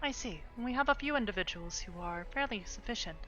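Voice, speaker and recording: A woman's voice: mid-range voice, lively intonation, a little fast, fairly bright tone, lightly acted. A woman voicing a polite, composed synthetic woman who runs a space station, in a live role-play. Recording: dull lo-fi mic, faint music.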